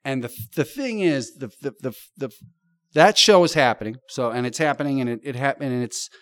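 A man's voice: mid-range voice, brisk, a bit bright, no room sound. Profane, storytelling middle-aged man, dry sound. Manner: vivid, profane storytelling with colorful comparisons. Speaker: podcast guest. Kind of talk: casual chat.

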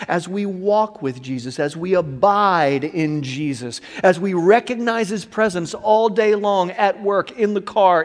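High-voiced pastor preaching in a reverberant hall. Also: male voice. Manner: dynamic, swings from hushed whispers to shouting. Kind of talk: sermon.

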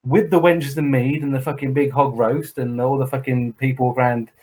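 An English podcast co-host with a middle-pitched voice talks in loose, rambling chat. He swears freely and acts out the people in his stories with quick put-on voices. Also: fairly even intonation, darkish tone, breathy edge, rough recording. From England. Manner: sweary storyteller, acting out others in voices.

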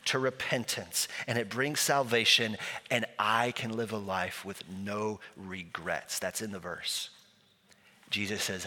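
Male pastor, conversational storyteller, bright tone, echoing church hall. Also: on the low side, fairly even intonation, unhurried. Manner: conversational, storytelling with acted quotes. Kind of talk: sermon. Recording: long hall reverb.

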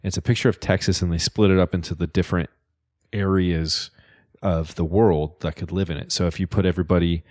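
A man's voice: deep voice, fairly even intonation, brisk, a little mellow, no room sound, clean studio sound. A young man co-hosting a casual podcast, joking and teasing, sometimes reading aloud from websites. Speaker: podcast co-host.

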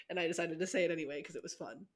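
Woman podcast co-host, lowish voice, giggly, playful, swears a lot. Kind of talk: casual podcast chat.

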